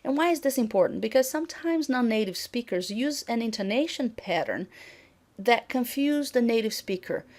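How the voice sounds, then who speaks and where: Woman lecturing clearly on intonation. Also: a little high, animated, normal speed, darkish tone. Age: middle-aged. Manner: clear, demonstrative, acts out example sentences.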